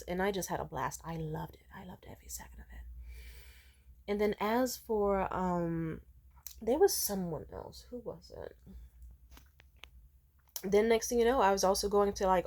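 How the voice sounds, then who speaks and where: A young woman vlogging a candid personal update, rambling with lots of fillers and swearing, jumping from loud outbursts to hushed asides. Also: mid-range voice. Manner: swings between loud outbursts and hushed, near-whispered asides.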